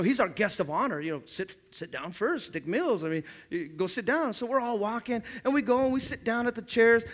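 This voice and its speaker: A man preaching a sermon, telling animated stories and building to loud, emphatic preaching. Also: high voice. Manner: animated storytelling, acting out the people in his stories. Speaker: pastor.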